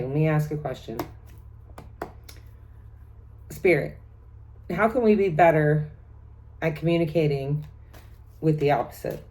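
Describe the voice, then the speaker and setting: A woman's voice: low voice, a little mellow. A middle-aged woman giving a casual tarot reading, chatty, laughing often and reeling off card meanings as lists. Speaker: tarot reader.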